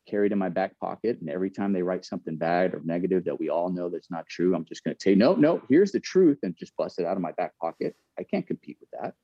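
A man's voice: low voice, steady tone, fast, few pauses, dry recording, lo-fi sound. An earnest man in middle age, a former pro ball player telling a candid story, often repeating and restarting his phrases.

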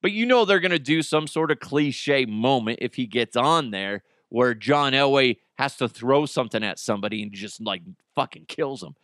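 A man's voice: mid-range voice, moderate pace, few pauses, fairly bright tone, no echo, clean studio sound. A man hosting a podcast on his own, riffing casually with jokes and swearing. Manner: jokey, profane, riffing, reads live ad. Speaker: podcast host. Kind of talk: casual solo podcast talk.

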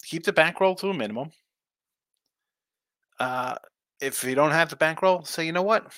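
A man's voice: fairly high pitch, normal speed, a bit bright, no echo. A man hosting a casual live stream about sports betting picks. He talks in a loose, rambling way, reads chat aloud, and sounds tired. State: tired, yawning.

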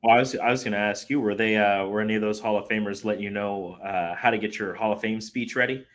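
A man's voice: fairly even intonation, fast, fairly bright tone. A man from Nebraska co-hosting a podcast, chatting casually and telling stories while acting out his kids' voices. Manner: storytelling, acts out his kids' voices in a high pitch. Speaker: podcast co-host, studio producer.

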